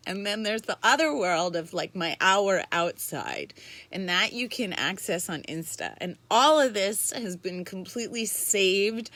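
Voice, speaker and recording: A woman's voice: mid-range voice, pushed and bright, dry recording. Bubbly woman chatting on a livestream. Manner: chatty, bubbly, greets viewers by name. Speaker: livestream host. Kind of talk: casual live-stream chat.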